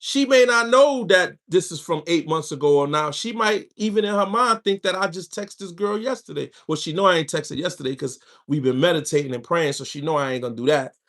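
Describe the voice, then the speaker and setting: A man's voice: fairly high pitch, a little fast, hardly any pauses, fairly bright tone. A man hosting a livestream, giving casual spiritual advice and telling stories with slang and asides to his viewers. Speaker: livestream host.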